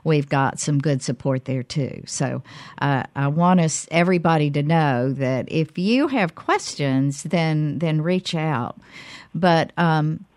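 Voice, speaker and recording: A woman hosting a call-in radio talk show, speaking haltingly with many fillers and restarts. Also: deep voice, darkish tone, dry recording.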